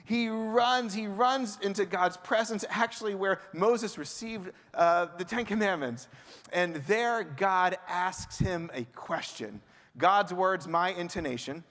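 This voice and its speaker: A man, a rabbi, giving a sermon in a lively, conversational way with rhetorical questions to the congregation. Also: sits high, normal speed. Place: large sanctuary. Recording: long hall reverb.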